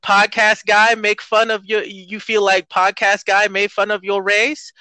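A man doing a shrill, high-pitched impression of a brash film character who speaks broken English and mocks people. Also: monotone, unhurried, pushed and bright, clean tone, dry recording, exaggerated voice. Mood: taunting.

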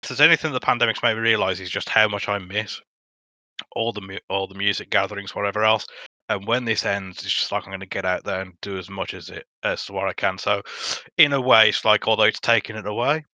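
A man as a podcast guest in casual chat, earnest and halting, full of fillers and restarts. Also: on the low side, bright, forceful tone, dry recording.

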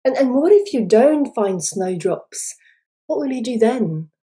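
A man's voice: very high-pitched, big pitch swings, unhurried, dark tone, full character voice, low-quality recording. A woman voicing January, a stern old man with a long white beard who questions a lost girl in a storybook tale. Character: stern old male winter month spirit.

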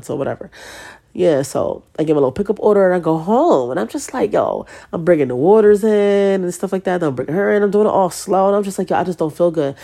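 A woman's voice: on the low side, creaky, dark tone. A young woman hosting a podcast, rambling casually and swearing freely, full of "like" and "you know what I'm saying.". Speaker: podcast host.

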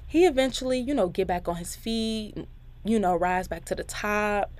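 A woman's voice: mid-range voice, moderate pace, darkish tone. Woman, 20s, podcast host; candid, chatty, encouraging, talks straight to the audience. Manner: chatty and candid, addresses listeners directly, laughs between thoughts; faith-filled, encouraging. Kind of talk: casual podcast monologue.

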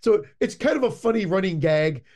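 A man co-hosting a podcast in casual film talk, enthusiastic and halting as he retells favorite jokes. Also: high voice, lively intonation, a little mellow. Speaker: podcast co-host. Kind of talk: casual movie review chat.

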